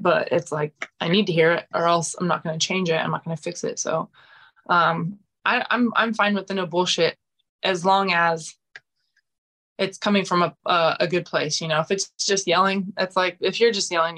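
A woman's voice: lowish voice, steady tone, normal speed, fairly bright tone. A woman in her forties, a guest fighter talking frankly in a casual interview, with many fillers and restarts. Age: 40s.

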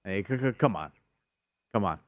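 A man co-hosting a sports talk show in casual banter, excitable and exclamatory, often stammering. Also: lowish voice, normal speed, no echo, studio quality. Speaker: co-host.

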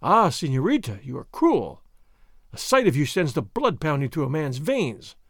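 A man voicing a dashing, gallant masked highwayman who speaks in flowery, bold phrases. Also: very animated, normal speed, fairly bright tone, no echo, clean studio sound, full character voice. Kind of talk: audiobook character voice.

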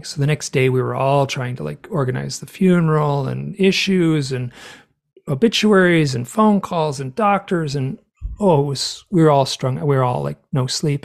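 A middle-aged man, an author being interviewed, telling personal stories in an earnest, animated way and acting out what others said. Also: mid-range voice, gravelly. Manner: earnest, animated storyteller who acts out quotes. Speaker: author and guest. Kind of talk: storytelling interview talk.

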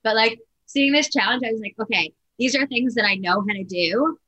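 A woman's voice: on the high side, lively intonation, fairly quick, bright, forceful tone, highs cut off. A woman guest in casual podcast chat, candid and rambling, with frequent "like" fillers.

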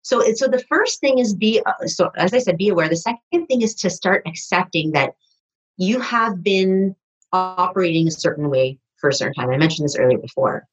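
A woman whose voice sits on the low side and sounds slightly rough speaks animatedly at a normal speed, captured with lo-fi sound. As a podcast guest in a conversational interview, she rambles, restarting sentences often and using many fillers.

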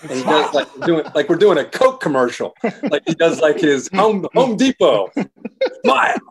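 A man's voice: a little high, moderate pace. An older man telling a story in a casual chat, acting out what others said. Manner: animated storyteller, acts out quotes. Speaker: guest, sports broadcaster.

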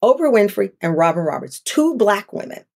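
Animated, earnest middle-aged woman. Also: medium pitch, brisk, creaky. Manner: earnest, animated storytelling with acted-out quotes. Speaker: guest, talk show host. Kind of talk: podcast interview.

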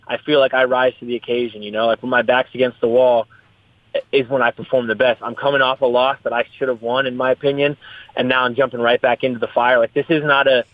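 A man's voice: medium pitch, level tone, fast, no echo. A young man, a fighter, talking in a casual interview, rambling, repeating his words and swearing freely. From US West Coast. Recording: tinny phone-like line.

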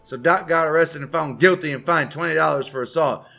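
Gravelly bright-voiced man telling crude stories. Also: on the high side, fairly quick. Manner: profane, laughing, acts out quotes in loud voices. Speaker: podcast co-host. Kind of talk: crude casual storytelling chat.

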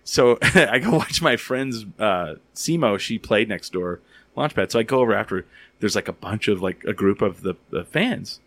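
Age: adult. Sex: man. Role: podcast host. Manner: animated, rambling, lots of "like". Pitch: lowish. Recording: dry studio. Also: moderate pace, no room sound. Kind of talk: casual storytelling and interviewing.

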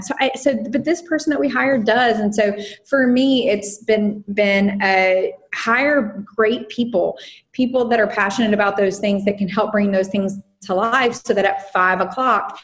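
A woman's voice: medium pitch, normal speed. A woman in her thirties who runs a design business, talking casually in an interview with many fillers and restarts. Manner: rambling, frequent fillers and restarts. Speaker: design firm owner.

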